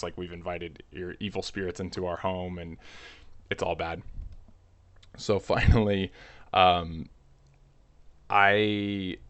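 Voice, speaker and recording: A man's voice: deep voice, a bit bright. A man telling a comic family story in a rambling, nervous way, full of restarts. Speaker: channel host.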